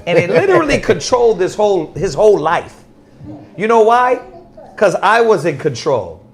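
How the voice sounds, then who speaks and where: A man preaching in a casual, animated storytelling manner, often laughing and dropping to a soft voice when quoting people. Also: high voice, moderate pace, creaky. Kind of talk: casual religious teaching.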